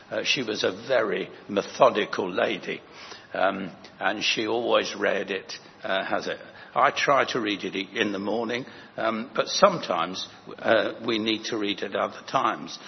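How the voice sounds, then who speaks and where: An older man preaching a sermon as a parish priest, gentle and anecdotal, with rambling restarts. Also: mid-range voice. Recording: echoey hall, dull lo-fi sound, faint noise.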